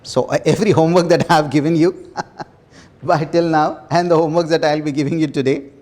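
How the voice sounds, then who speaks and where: Earnest man leading a workshop, higher voice. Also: fairly even intonation, a little fast. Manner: earnest, repetitive, laughs softly between phrases. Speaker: workshop facilitator. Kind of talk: motivational workshop talk.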